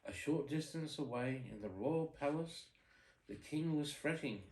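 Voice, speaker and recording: A man's voice: fairly high pitch, lively intonation, a little slow, darkish tone, slight background noise. A man reading a bedtime story aloud to his child, adding playful asides and questions. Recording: echoey room.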